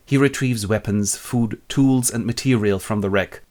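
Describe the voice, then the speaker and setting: A man's voice: on the low side, brisk, hardly any pauses, darkish tone. A man narrating a comic literature summary in a wry, ironic, playful way.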